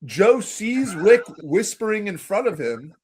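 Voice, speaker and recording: A man's voice: high-pitched, sing-song, a little slow, darkish tone, slightly rough. A man co-hosting a casual TV recap podcast, easygoing, restarting his sentences and chuckling between points. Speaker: podcast co-host.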